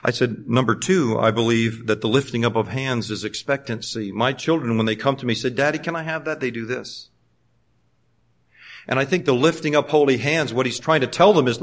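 Man preaching, loud and soft by turns. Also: mid-range voice, a little fast. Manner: swings between loud preaching and quiet storytelling. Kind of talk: sermon.

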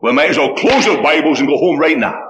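A man preaching a sermon, telling a story with dramatic, animated delivery. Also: a little high, fast, a little hiss or hum.

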